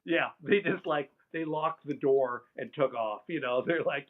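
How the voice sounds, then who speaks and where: An older man with a slightly higher voice recounts his stories with lively energy, breaking into laughter and making sound effects. The audio is thin and phone-like, as though it comes through a narrow call line. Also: a little slow. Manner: animated, laughs and imitates sounds. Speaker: interview guest. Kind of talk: casual storytelling.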